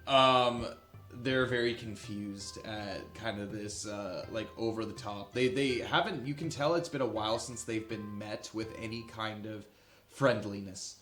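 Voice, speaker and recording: Low-voiced man narrating a tabletop game. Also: fairly bright tone. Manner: casual, halting, many fillers. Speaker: game master. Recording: echoey room with faint music.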